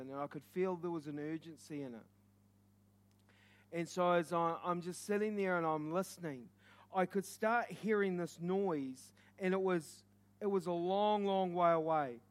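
A man, an evangelist, telling an earnest and intense testimony as a sermon, building from quiet reflection to loud urgency. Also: on the high side, normal speed, a little hiss or hum. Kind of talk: preaching testimony.

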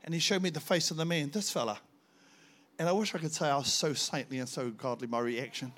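A man preaching a sermon, telling stories in an animated, dramatic way and laughing often. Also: on the high side, fairly quick. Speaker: pastor. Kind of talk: storytelling sermon.

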